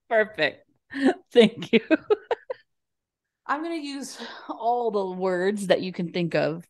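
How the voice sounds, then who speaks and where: A young woman co-hosting a podcast gives a chatty, giggly recap of a movie, briefly acting out the characters' lines in quoted voices. Her medium-pitched voice has lively intonation, and she speaks very slowly with long pauses.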